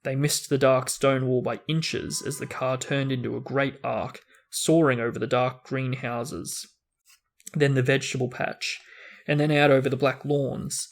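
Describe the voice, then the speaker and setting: A man reads a novel aloud as the host of a book discussion. His reading is expressive, with the odd small restart, and his voice sits at an ordinary middle pitch for a man. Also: measured pace.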